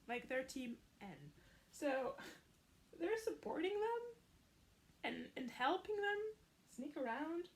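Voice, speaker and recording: A woman recapping a film in a chatty, casual way, dropping sarcastic asides. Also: high-pitched.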